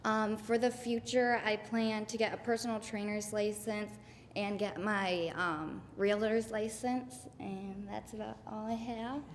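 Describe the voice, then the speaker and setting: A woman's voice: medium pitch, fairly even intonation, a little slow, slight background noise. A teenage girl giving a brief, shy acceptance speech. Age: teens. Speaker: award recipient. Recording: hall reverb with faint crowd.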